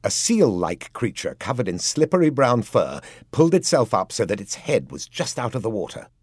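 Male audiobook narrator, expressive storytelling, husky, dry booth sound. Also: mid-range voice, normal speed, dry recording. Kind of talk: scripted narration.

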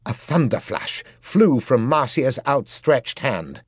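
Expressive, husky male audiobook narrator. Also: mid-range voice, takes it slowly, no echo, studio quality. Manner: expressive storytelling. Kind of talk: scripted narration.

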